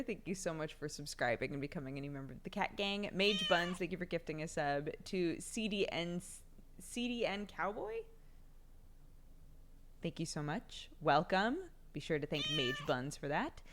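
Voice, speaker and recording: A woman's voice: fairly low pitch, expressive, normal speed, fairly bright tone. A woman streamer, sick, chatting casually and giggling often as she reads out names. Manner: giggly, laughs often while reading out names. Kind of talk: casual live-stream chat.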